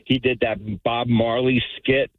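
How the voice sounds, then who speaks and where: A male caller with a thick New York accent, rambling on to a radio host. His voice sits at a middle pitch and comes through a thin, tinny phone line. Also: flat delivery, measured pace. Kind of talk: call-in chat.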